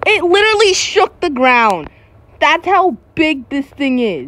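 A woman's voice: sits high, very animated, measured pace, loud music behind the voice. A woman YouTuber giving casual gameplay commentary, jumpy and giggly with frequent startled exclamations.

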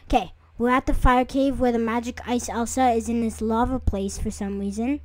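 A woman's voice: a little high, steady tone, moderate pace, no echo. A young woman chatting through a game as she plays it, talking to her viewers and jumping into startled squeals. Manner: chatty, jumpy, easily startled, with sudden squeals. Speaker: gaming video creator. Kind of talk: casual let's-play commentary.

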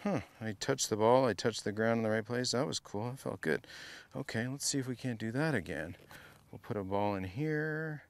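A man's voice: medium pitch, normal speed, no echo. A man coaching a student through a golf lesson, playful and teasing, repeating short drill cues over and over. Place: golf academy practice area.

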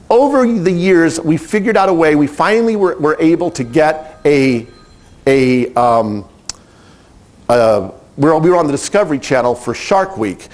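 A middle-aged man who directs animal training, telling a story in a lively, animated way and acting out the quotes. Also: on the high side. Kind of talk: storytelling talk.

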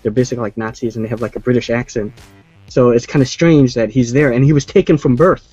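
A man's voice: mid-range voice, fairly even intonation, fast talker, a little mellow, breathy edge, no room sound. A man hosting a casual movie chat who rambles, restarts his sentences and leans on fillers. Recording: muffled lo-fi sound with faint music.

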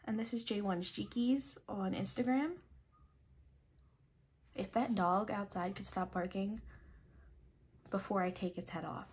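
A woman's voice: medium pitch, a little slow, long pauses. Nasal young woman gushing over mail. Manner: excitable, swears freely, gushing. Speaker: kpop photocard collector vlogger. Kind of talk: casual unboxing chat.

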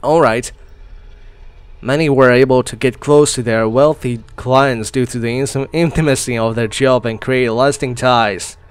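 Man playing a game, casual commentary, slow easygoing pace, laughs a lot, mid pitch. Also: fairly even intonation, clean tone. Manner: chatty, laughs often, thinks aloud. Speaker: gaming channel host. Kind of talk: casual let's-play commentary.

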